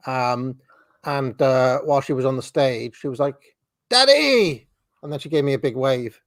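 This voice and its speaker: A man in his forties hosting a casual chat over a video call, wry and chuckling, with halting restarts. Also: medium pitch, little pitch movement, darkish tone, dry recording, clean studio sound. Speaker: host.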